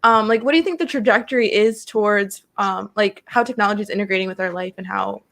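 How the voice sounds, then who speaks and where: A woman's voice: medium pitch, fast talker, gravelly, a bit bright. A woman co-host asking a guest a question, hesitant and thinking aloud. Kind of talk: casual interview chat.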